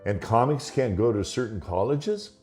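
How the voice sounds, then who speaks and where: A man's voice: mid-range voice, lively intonation, normal speed, a little mellow, soft background music. A man telling stories in a casual conversation, laughing often and acting out the voices in his anecdotes.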